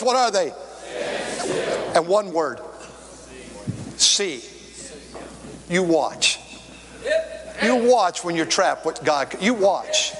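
High-voiced preacher in a reverberant hall. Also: male voice. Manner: storytelling preacher, swings from quick talk to shouted, drawn-out lines. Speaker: pastor. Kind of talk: sermon.

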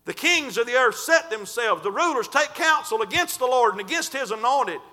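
A man preaching a sermon in a fervent, folksy way, stretching and shouting scripture lines. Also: extremely high pitch, expressive, moderate pace. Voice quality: folksy, colloquial.

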